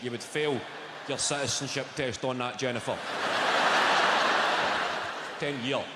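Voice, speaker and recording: A man's voice: medium pitch, fairly even intonation, unhurried, long pauses, background noise. A Scottish man in his thirties with a Glaswegian accent, doing a sweary, conversational stand-up set with crowd work. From Scotland. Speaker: stand-up comedian. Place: large theatre stage with audience. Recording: echoey live hall with loud audience.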